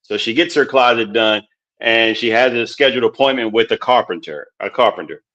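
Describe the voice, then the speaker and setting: A man's voice: mid-range voice, brisk, a bit bright. Casting: male podcast host, loose and rambling, repeats himself, laughs a lot, muffled lo-fi audio. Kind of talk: casual chat. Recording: dull lo-fi sound.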